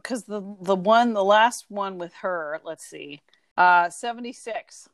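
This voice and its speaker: A woman's voice: mid-range voice, measured pace, dry recording. A woman co-hosting a casual book discussion, thoughtful, asking questions and reading out her notes. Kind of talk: casual chat.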